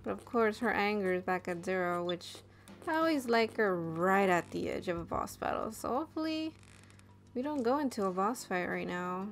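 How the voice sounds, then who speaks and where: A woman's voice: mid-range voice, lively intonation, moderate pace, soft background music. A woman giving casual, chatty commentary while playing a video game, easily delighted by what she sees. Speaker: let's play commentator.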